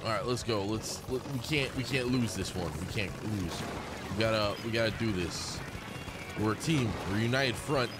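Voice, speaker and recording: A man streaming a video game live, excitable and apologetic as he chats with his viewers. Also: lowish voice, moderate pace, heavy background noise. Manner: excitable, yelps and laughs during play. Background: game music.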